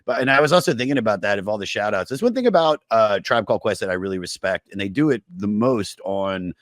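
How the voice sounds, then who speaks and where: A man's voice: on the low side, animated, fast, no echo. Maryland guy hosting a podcast, cussing and joking, dry close mic. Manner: rambling, profane, joking storyteller. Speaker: podcast host. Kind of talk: casual chat.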